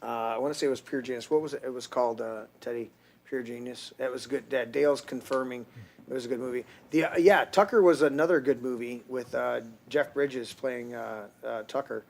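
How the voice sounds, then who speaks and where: A man's voice: medium pitch, a little fast, creaky. Rambling, cussing male podcast host. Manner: rambling storyteller, swears freely. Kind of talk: casual chat.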